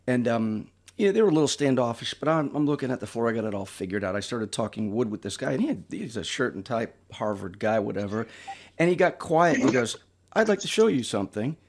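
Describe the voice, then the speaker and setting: Host role: chatty man, anecdote teller, middle pitch. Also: animated, fast. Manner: chatty storyteller, acts out quoted voices. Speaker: podcast host. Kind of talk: casual podcast conversation.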